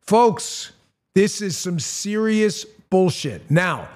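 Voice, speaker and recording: A male talk show host with a punchy, blunt delivery who reads his own ads and turns loud and high-pitched when outraged. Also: expressive, slow pace. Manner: conversational, with fillers and restarts. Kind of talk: talk show monologue with ad read.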